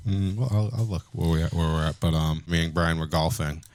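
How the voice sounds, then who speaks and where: A man's voice: low-pitched, steady tone, fairly quick, darkish tone. A man co-hosting a comedy podcast, teasing the others in crude banter and chuckling. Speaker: podcast co-host.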